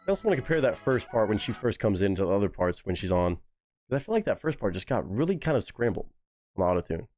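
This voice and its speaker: Animated, foul-mouthed male streamer. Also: on the low side, fast talker, dry recording. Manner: animated, profane, reads chat aloud. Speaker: live-stream reaction host. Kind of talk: casual live-stream chat. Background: faint music playing.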